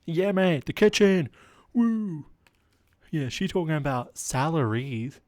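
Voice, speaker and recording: A man's voice: lively intonation, slow, a little mellow. A man doing a brash boastful bro. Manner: brash, slangy bro talk, raised pitch. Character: loud misogynistic bro, young adult man, boastful.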